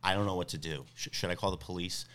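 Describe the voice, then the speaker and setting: Young dude rambling thru a crazy story on a podcast, kinda low voice, lots of likes and restarts. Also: male voice, steady tone, fast talker, a bit bright. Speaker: podcast guest. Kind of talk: casual storytelling chat.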